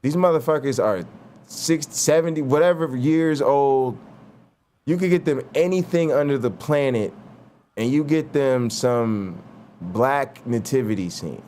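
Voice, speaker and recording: A man hosting a casual conversation who tells animated stories and says "like" and "you know" a lot. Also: medium pitch, measured pace, a little hiss or hum. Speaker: host.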